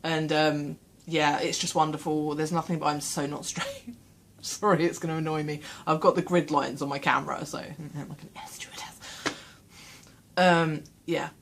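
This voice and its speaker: A woman's voice: low-pitched, fairly even intonation, moderate pace. A woman in a casual home vlog, chatting in a rambling, self-deprecating way from a small room, speaking into her camera mic. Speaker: vlogger.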